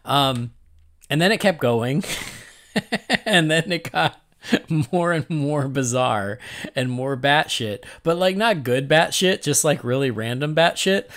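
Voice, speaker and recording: A male podcast host chatting casually about an episode, animated and prone to laughing. He acts out his own reactions as he goes, his voice climbing and dropping across a wide range. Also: a little high, slow. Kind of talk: casual chat.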